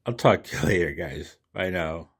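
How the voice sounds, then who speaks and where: A man's voice: deep voice, normal speed, gravelly, breathy edge, dry recording. A sleepless man telling a rambling story to camera in a casual vlog, often chuckling. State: sleepless, late at night. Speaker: amateur radio vlogger.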